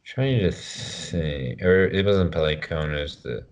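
Male podcast co-host, very deep voice, loose joking banter. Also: unhurried. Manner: loose, joking banter, rattles off wrestler names. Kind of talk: casual podcast chat.

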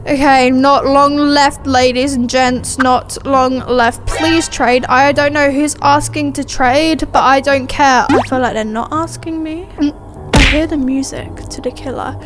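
A woman's voice: sits high, steady tone, measured pace, over music. A young woman giving jumpy, nervous gameplay commentary and talking to her viewers as she plays. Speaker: gaming YouTuber.

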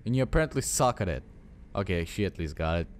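With a low-pitched, lively voice, a young man talks fast through his own gameplay in a let's play for his gaming channel. He's in early adulthood, swears constantly, and berates his game units. A little hiss or hum is audible.

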